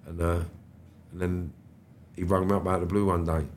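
A middle-aged man, telling animated stories as a podcast guest and swearing freely. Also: sits low, brisk, slight background noise. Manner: animated, swears freely, acts out quoted dialogue. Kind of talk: storytelling interview chat.

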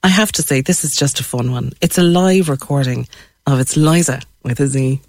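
A woman's voice: very deep voice, normal speed, a little mellow, dry recording. A woman hosting an arts radio show, chatting enthusiastically and laughing easily. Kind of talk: casual radio chat.

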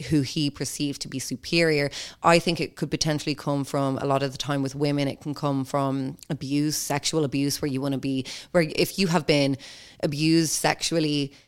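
A young woman with a Dublin accent, hosting a casual podcast. She rambles and swears as she tells stories. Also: low-pitched. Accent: Dublin Irish. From Ireland. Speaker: podcast host.

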